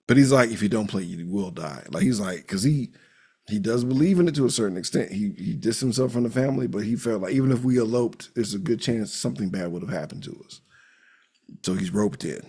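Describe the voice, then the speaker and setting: A man's voice: lowish voice, fairly quick, darkish tone, slightly rough. A man co-hosting a podcast, recapping a film in casual, profane chat and acting out the characters' lines with big jumps in his voice. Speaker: podcast co-host.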